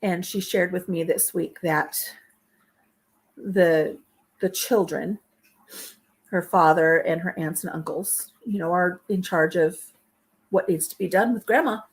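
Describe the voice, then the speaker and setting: Her voice low-ish and breathy, a middle-aged woman talks unhurriedly with long pauses on her home baking vlog, weeping as she recalls memories and speaking through her tears in a casual chat.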